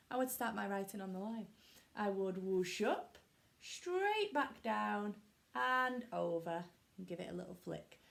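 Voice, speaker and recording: A woman teaching children a phonics lesson, talking slowly in a sing-song, encouraging teacher voice. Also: medium pitch, gravelly. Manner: slow, sing-song teacher voice with lots of praise. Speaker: primary school teacher.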